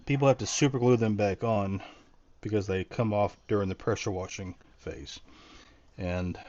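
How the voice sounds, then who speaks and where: A middle-aged man with a lowish voice talks through his home project in a loose, rambling way, often restarting his thoughts. The sound is a bit dull and lo-fi, like a basic home video recording. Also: a little mellow. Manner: rambling, thinking aloud with many restarts. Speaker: DIY vlogger. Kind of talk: casual DIY walkthrough.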